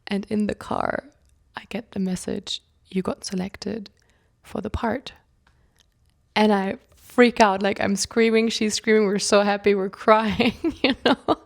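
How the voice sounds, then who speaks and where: A young woman vlogger tells a personal story in a loose, chatty way, with a gravelly fry at the ends of her phrases. She keeps saying "like" and acts out what people said, jumping from excited bursts to near-whispers. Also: mid-range voice, a little slow. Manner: chatty, fills speech with "like"; acts out quoted speech, shifting between loud bursts and whispers.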